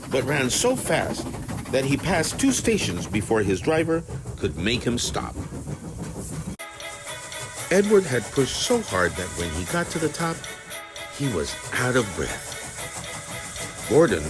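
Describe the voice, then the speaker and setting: A man reading a children's train story aloud, slowly and expressively. His pitch rises and falls dramatically from line to line. Music plays steadily underneath. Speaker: narrator. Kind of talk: storybook narration. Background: background music.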